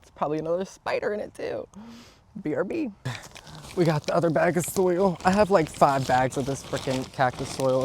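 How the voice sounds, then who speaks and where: A young man chatting casually outdoors as he repots plants, excitable and quick to exclaim at things around him. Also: on the high side, noisy background. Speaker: vlogger. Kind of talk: casual chat while gardening. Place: outdoors, yard.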